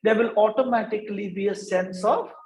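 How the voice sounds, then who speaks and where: At a business workshop, an Indian man delivers a lecture to students, asking "right?" after nearly each point. He speaks a little fast in a high voice, captured in a rough, roomy recording.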